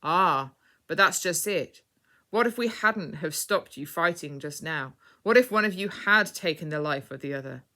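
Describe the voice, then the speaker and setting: Stern, authoritative storybook knight who commands a crowd, read by a woman in a low, bright voice. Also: expressive, moderate pace. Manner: firm, authoritative and loud.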